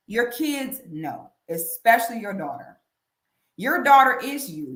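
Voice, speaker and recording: Animated woman with a high echoey voice. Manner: animated, emphatic, repeats "okay?". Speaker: commentary channel host. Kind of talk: casual commentary livestream. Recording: echoey room.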